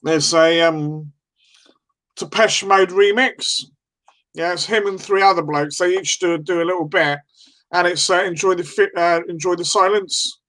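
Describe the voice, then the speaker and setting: A man's voice: sits high, fairly even intonation, a little slow, fairly bright tone. A man chatting casually on a live stream, rambling and swearing in laughing banter.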